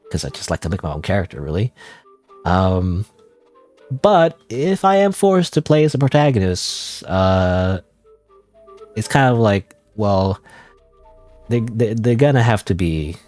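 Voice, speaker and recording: A male streamer talking off the cuff while he plays, rambling and unsure of himself. His fairly low voice rises and falls a lot, with quiet music running underneath. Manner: rambling, self-doubting, frequent fillers and laughs. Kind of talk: casual gaming livestream chat.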